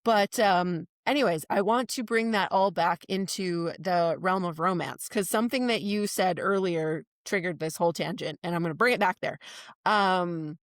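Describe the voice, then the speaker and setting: A middle-aged woman with a somewhat low voice hosts a podcast in a chatty, rambling manner, full of ums and self-corrections. She sits close to the mic in a dry, dead-sounding space. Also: moderate pace, no room sound. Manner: chatty, rambling with many fillers and restarts. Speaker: podcast host. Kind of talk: casual interview chat.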